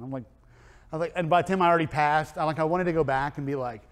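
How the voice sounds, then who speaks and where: A man's voice: fairly high pitch, rapid-fire. Man, car wrap shop owner, casual vlog storytelling, rambling with lots of fillers, long room echo. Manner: rambling, filler-heavy chatty delivery.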